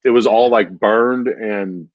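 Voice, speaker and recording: A low-voiced man spinning a long, rambling anecdote full of "like" and "dude". The sound is dry and close, with no room to it. The recording is dull and lo-fi. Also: takes it slowly, dry recording. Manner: rambling, says "dude" constantly, many fillers. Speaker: stand-up comedian. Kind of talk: casual chat, storytelling.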